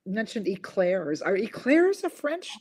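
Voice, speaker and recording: A woman's voice: medium pitch, big pitch swings, unhurried, darkish tone, husky. Chatty older woman hosting a live interview. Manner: chatty, self-deprecating, reads viewer comments. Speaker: host. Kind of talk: casual interview chat.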